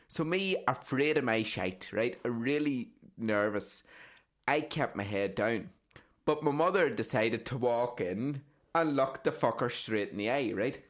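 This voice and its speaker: A man's voice: fairly low pitch, a little slow. A man telling rambling stories on a casual podcast, swearing and tagging "right?" onto sentences. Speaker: podcast co-host. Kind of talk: casual storytelling chat.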